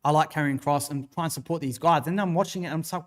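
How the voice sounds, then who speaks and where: Man, Australian accent, wrestling show host, casual livestream chat, opinionated, rambling, swears, fairly high voice. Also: fast talker, hardly any pauses.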